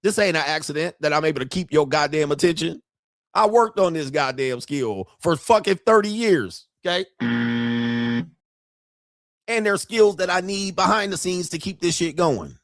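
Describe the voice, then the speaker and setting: A man's voice: on the high side, animated, normal speed, no room sound, studio quality. A middle-aged man hosting an online show, ranting in brash, profane and boastful commentary and laughing at his own jokes.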